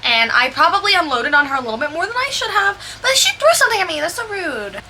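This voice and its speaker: A young woman chatting casually over her gameplay build, rambling and candid with quick asides. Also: extremely high pitch, very animated, pushed and bright, a little hiss or hum. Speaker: Sims builder narrating her speed build. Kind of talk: chatty voiceover storytime.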